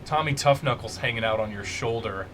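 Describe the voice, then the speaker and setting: A man's voice: mid-range voice, a little fast, a bit bright. A man narrating as game master in a loose, chatty way with many fillers. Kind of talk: narrating a tabletop game on a stream.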